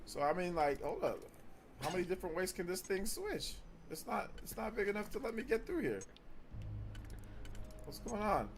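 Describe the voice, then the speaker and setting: A man's voice: high-pitched, very animated, moderate pace, creaky, pauses often, a little hiss or hum. A man playing a game on stream, muttering in frustration and confusion at a puzzle. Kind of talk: talking through gameplay.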